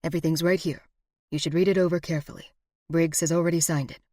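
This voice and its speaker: A woman voicing a middle-aged man, a formal frontier lawyer, speaking in a measured, evasive way. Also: low-pitched, steady tone, dark tone, no echo, studio quality, close to an everyday voice. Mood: cool. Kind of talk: audiobook character voice.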